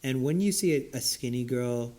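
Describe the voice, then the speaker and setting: A middle-aged man co-hosting a podcast, a little drunk, talking in an animated, repetitive way and swearing freely. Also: medium pitch, normal speed. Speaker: podcast co-host. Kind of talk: casual chat, reading reviews aloud.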